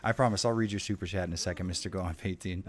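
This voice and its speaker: A young man with a low, rapid-fire voice streams a horror game, offering live commentary on his gameplay. He's excitable and profane, swearing and jokingly trash-talking the enemies as he plays.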